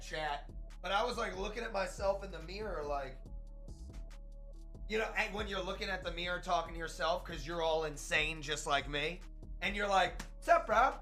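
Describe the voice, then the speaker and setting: A young man streaming, chatting crudely and jokingly, with sudden shouts. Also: on the high side. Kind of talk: casual comedic chat to a stream.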